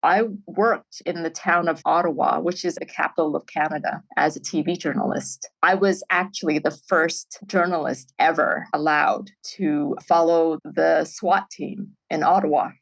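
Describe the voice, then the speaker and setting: A middle-aged woman, a filmmaker guest on a podcast, telling stories in an animated way and laughing often. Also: deep voice, normal speed, vocal fry, hardly any pauses, rough recording. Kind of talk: storytelling in a podcast interview.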